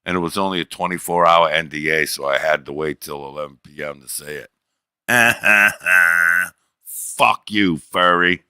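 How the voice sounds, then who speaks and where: Crude, deep-voiced male streamer. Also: measured pace, bright, forceful tone, clear, resonant tone, no room sound, clean studio sound. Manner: crude, boastful, teasing. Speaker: livestream host. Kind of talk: casual livestream chat.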